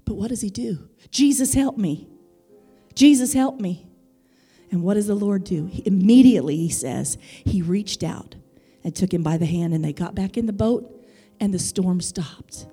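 A woman's voice: fairly low pitch, moderate pace, dark tone, husky, soft background music. A woman preaching a sermon with fervent, building emphasis.

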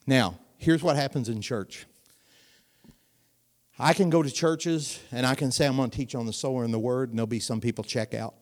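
Preaching in a voice right in the middle of the male range, a middle-aged man keeps things conversational and quizzes the congregation as a friend would. For emphasis he gets louder, and on the key lines he slows down with dramatic pauses in his animated delivery.

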